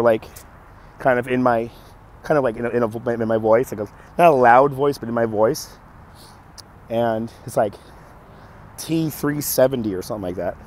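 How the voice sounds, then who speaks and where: A hoarse man who keeps coughing, telling a story on a live stream in an animated, exasperated way. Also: mid-range voice, slight background noise. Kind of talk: casual storytelling to chat.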